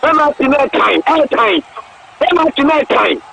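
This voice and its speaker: Excitable high-voiced Ghanaian radio commentator. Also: male voice, moderate pace, vocal fry. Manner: excitable, repetitive exclamations, mixes languages. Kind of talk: excited live match commentary. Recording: dull lo-fi radio broadcast.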